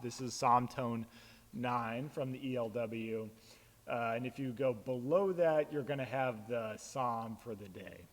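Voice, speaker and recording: A man, a pastor, casually explaining how to chant psalms, relaxed and plain-spoken with frequent fillers. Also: mid-range voice, in a large hall.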